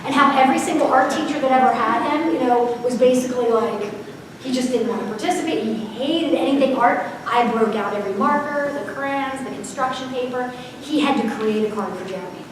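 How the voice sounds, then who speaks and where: A woman's voice: on the high side, a little fast. A woman giving a parenting seminar, telling stories in a chatty way and asking the audience questions. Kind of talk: conversational seminar talk. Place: large echoey hall. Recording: echoey hall recorded from far off, faint hiss.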